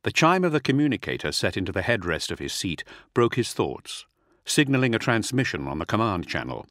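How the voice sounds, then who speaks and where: A middle-aged man reads a dramatic audiobook in a low voice that rises and falls a lot. His delivery is measured, and the recording is close and dry. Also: sing-song, fairly bright tone, no room sound. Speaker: audiobook narrator. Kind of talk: scripted audiobook narration.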